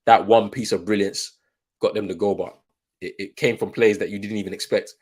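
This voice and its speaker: The host of this live football watchalong has a low voice with a breathy edge and a brisk pace. Easygoing and talkative, he narrates the action and reads viewer comments aloud.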